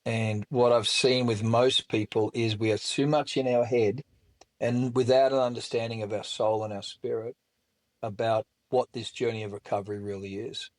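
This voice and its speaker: A man's voice: mid-range voice, steady tone, moderate pace. A middle-aged man, a guest speaking candidly and bluntly about his recovery, with colorful language. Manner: blunt and colorful, with mild swearing. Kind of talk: candid storytelling in conversation.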